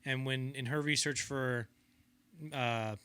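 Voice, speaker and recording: Speaking slowly in a clean, medium-pitched voice, this young podcast co-host keeps the film-history talk casual. He's an animated storyteller who performs each quote in character.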